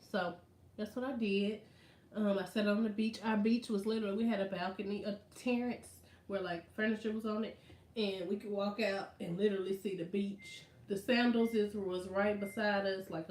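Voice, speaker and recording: Chatty woman vlogger, roomy echo. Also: mid-range voice. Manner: animated, slangy storytelling. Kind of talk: casual chat.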